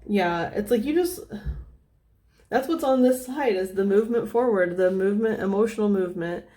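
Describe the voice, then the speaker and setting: A woman giving a casual tarot reading, thinking out loud with lots of fillers and restarts, often dropping to a soft, near-whispered tone. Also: mid-range voice, normal speed. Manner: meandering, thinking aloud with many fillers. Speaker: tarot reader.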